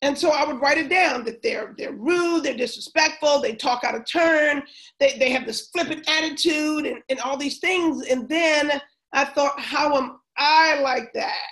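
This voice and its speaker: Lively high-voiced woman telling a story. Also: measured pace, poor audio. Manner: animated, acts out quoted voices. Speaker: guest, former teacher and coach. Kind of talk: storytelling in a casual interview.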